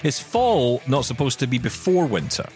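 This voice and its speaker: A man's voice: mid-range voice, very animated, normal speed, darkish tone, faint music behind. A middle-aged man co-hosting a tech podcast in casual, jokey chat, reading listener messages aloud. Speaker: podcast co-host.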